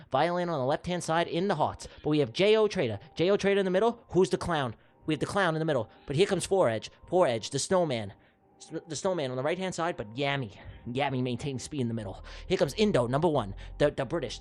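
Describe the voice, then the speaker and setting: Excitable man calling joke races. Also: on the high side. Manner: excitable, jokey race-caller, shouting names. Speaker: livestream host running giveaway races. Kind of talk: mock sports commentary.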